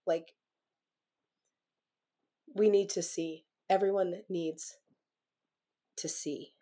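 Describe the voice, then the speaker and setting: A woman interviewer who speaks slowly and softly in a casual conversation. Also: on the low side, fairly even intonation.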